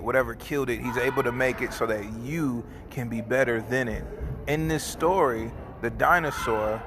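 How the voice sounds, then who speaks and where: A man talking in a casual, heartfelt way, rambling with restarts, who then turns to earnest prayer. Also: medium pitch. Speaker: barber and host. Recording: noticeable background noise.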